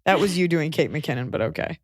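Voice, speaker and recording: A woman hosting a comedy podcast, chatting casually with sarcastic, quick jokes and frequent mock voices. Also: deep voice, animated, no echo, studio quality. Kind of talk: casual chat.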